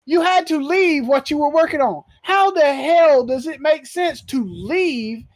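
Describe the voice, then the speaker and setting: A woman hosting a podcast, telling a story in casual chat, animated and profane, acting out what others said. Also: sits high, unhurried, no room sound. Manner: animated storyteller, swears freely, acts out quotes; laughs while telling. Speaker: podcast host.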